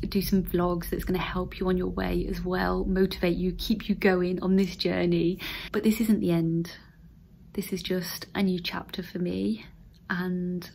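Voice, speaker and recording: In a casual vlog filmed in an emptied room at home, a woman in her thirties with an English accent, a newly qualified nurse, talks to camera in a lowish, creaky, dark voice with a faint hiss or hum. She's tearful and emotional, her words often sinking to a whisper.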